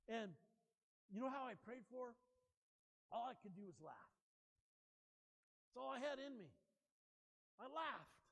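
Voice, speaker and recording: A man preaching a sermon to a congregation, telling stories with energy and calling out for amens. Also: very high voice. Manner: energetic, storytelling, calls for "amen". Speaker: pastor. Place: church sanctuary. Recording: long reverb of a large hall.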